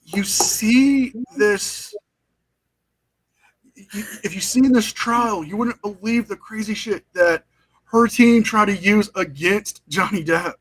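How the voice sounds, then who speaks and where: A man hosts a casual live stream, telling stories with lively energy. His voice sits high and sounds husky. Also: takes it slowly. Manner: animated storytelling, retelling trial moments. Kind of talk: casual chat.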